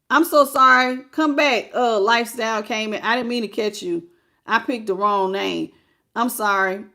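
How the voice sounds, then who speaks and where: Animated woman preaching through a tarot reading. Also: a little high. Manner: animated, preachy, greets viewers by name. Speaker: tarot reader hosting a live stream. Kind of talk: live tarot reading with viewer shout-outs.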